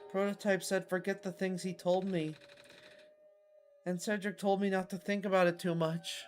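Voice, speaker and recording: A man voicing a gentle, lost child from another world, reading the game dialogue aloud in a soft, subdued way. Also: high-pitched, flat delivery, a little slow, long pauses, faint music behind. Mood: reflective.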